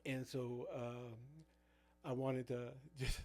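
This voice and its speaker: A man chats casually as a youth pastor, telling van stories from ministry trips. His delivery rambles, packed with fillers and false starts, in a mid-pitched everyday voice. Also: little pitch movement, takes it slowly, darkish tone. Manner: rambling, full of fillers and restarts. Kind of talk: casual storytelling chat.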